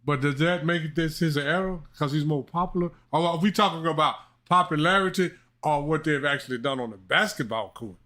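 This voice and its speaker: A man's voice: on the high side, a little fast, hardly any pauses, pushed and bright. A man co-hosting a casual sports talk show, making emphatic points and laughing easily. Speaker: podcast co-host.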